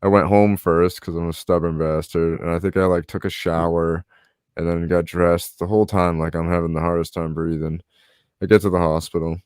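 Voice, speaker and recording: Deep-voiced man telling a story. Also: little pitch movement, a little fast, a little mellow, smooth, dry recording, clean studio sound. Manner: storytelling, acts out quoted voices. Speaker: podcast host. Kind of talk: casual chat.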